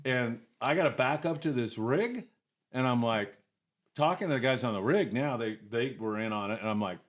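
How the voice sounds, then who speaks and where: An animated man telling stories as a podcast guest. His voice sits at a middle pitch, and his delivery is casual and lively. He chuckles often while he talks. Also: normal speed. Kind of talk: casual storytelling.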